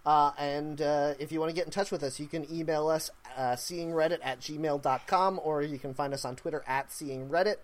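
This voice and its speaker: A man hosting a podcast in a casual, rambling chat, often pausing on fillers. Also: fairly high pitch, steady tone. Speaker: podcast host.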